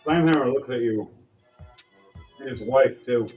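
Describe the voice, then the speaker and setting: A man narrating as game master in a relaxed, chuckling way. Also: mid-range voice, unhurried, faint music behind. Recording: distant, dull roomy mic.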